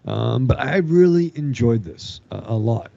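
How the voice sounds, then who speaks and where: A man chatting casually about a horror film on a podcast, halting and laughing, with casual swearing. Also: mid-range voice, lively intonation, vocal fry, mellow, no echo, dull audio.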